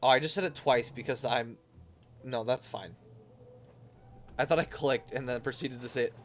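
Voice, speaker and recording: A man's voice: mid-range voice, normal speed, slight background noise. A man streaming a video game live, chatty and self-deprecating, yawning often as he reads along. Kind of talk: casual live game stream, reading dialogue aloud. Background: faint game music.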